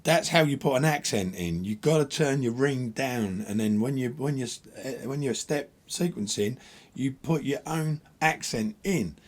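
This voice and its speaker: A man hosting a casual gear demo, talking bluntly and explaining in an animated, chatty way. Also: mid-range voice, moderate pace, a little hiss or hum. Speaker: host.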